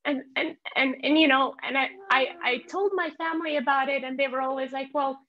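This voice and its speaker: A woman in her thirties from Azerbaijan speaks with a fairly high voice, earnest and candid, pausing and restarting as she searches for the right words. The sound comes over a muffled, lo-fi video call connection. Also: steady tone, slight background noise. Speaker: meeting participant. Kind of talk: candid personal testimony in an online meeting.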